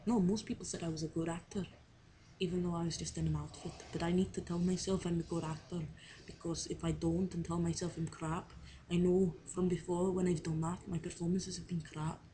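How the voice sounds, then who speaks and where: Young woman, fairly low voice, rambling self-doubting video-diary talk, faint background hiss. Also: level tone, brisk, dark tone, poor audio. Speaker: drama student on placement. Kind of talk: casual spoken video diary.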